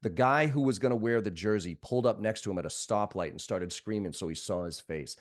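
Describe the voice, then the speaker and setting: A man, a sales trainer guest on a podcast, talks bluntly and swears freely while telling animated stories. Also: fairly low pitch, brisk. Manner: blunt, profane, animated storyteller. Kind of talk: podcast conversation.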